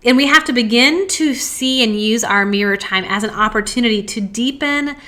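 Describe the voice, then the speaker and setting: A woman hosts a self-help podcast in a bright, ringing voice. She speaks earnestly and stretches out her key phrases. She often asks one rhetorical question after another. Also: fairly high pitch, normal speed. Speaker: podcast host.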